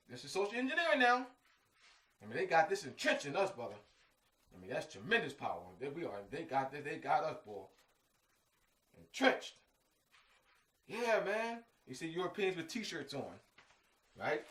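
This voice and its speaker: A man's voice: on the high side, big pitch swings, moderate pace, pauses often, bright, forceful tone. A man giving an informal lecture, emphatic and repetitive, full of slang asides like "man" and "you know what I mean". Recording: echoey room, mic at a distance.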